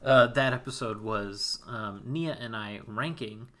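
A man's voice: on the low side, a little slow, bright, forceful tone. A man co-hosting a podcast, chatting casually and rambling with many fillers. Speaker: podcast co-host.

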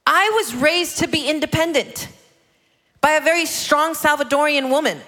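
A woman in her thirties preaches with an animated, playful delivery, slipping into the voices of the people she quotes. Her voice is high and bright. A long reverb trails each phrase, as in a large hall. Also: normal speed. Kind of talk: sermon.

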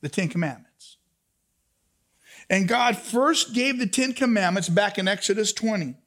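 A man with a very high voice preaches a lively sermon. He drops to soft asides, then rises to loud emphasis, and keeps asking his listeners for answers. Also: a little slow. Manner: talks back and forth with the congregation. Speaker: pastor.

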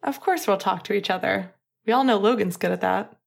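A woman reading out a nervous, affectionate young man in a story, rushed and hesitant. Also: mid-range voice, gravelly. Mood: tender.

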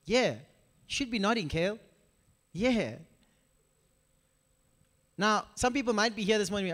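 A young man preaching a casual, animated sermon in a church, talking straight to the congregation with lots of asides. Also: high-pitched, a little slow, long pauses, big-room sound. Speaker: pastor. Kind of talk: conversational sermon.

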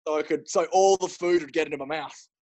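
A man's voice: a little high, fast, darkish tone, no room sound. A middle-aged man with an Australian accent, a stand-up comedian rambling through stories with frequent giggles in casual chat on a call.

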